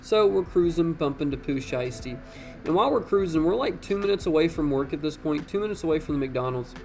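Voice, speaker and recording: Gravelly young man telling a story. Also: fairly high pitch, fairly quick, faint music behind. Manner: slangy, animated, swears freely. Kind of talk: casual storytime.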